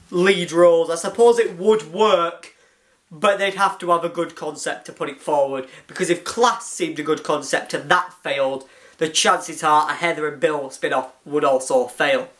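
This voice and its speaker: An excited fan reviewer recapping a TV episode, gushing and rambling, often restarting with "anyway". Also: mid-range voice.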